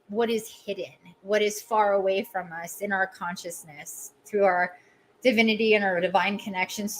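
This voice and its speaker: A woman hosts a spiritual podcast, giving an oracle reading and guided meditation. She talks slowly and lingers over repeated, incantatory phrases. Between passages she lets her emotion show and laughs at herself, keeping an ordinary middle pitch throughout. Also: fairly bright tone, slight background noise, low-quality recording. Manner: openly emotional, self-mocking asides. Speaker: podcast host and oracle reader.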